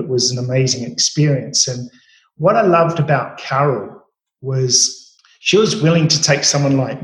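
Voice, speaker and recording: Middle-aged man, working chef, relaxed rambling storyteller, roomy echoey sound. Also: medium pitch. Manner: relaxed, rambling, many fillers and restarts. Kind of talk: storytelling interview answers. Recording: roomy echo.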